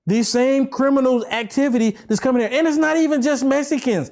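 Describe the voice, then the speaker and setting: Fervent high-voiced man ranting to camera. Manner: repetitive, rambling, with urgent rhetorical questions; swings from fervent near-shouting to low, slow preaching. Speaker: political vlogger. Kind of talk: impassioned political rant to camera.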